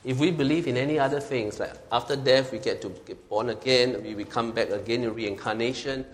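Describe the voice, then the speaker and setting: Male preacher, mid-pitched and emphatic, repeats key lines, long hall reverb. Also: a little fast, a little hiss or hum. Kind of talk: sermon.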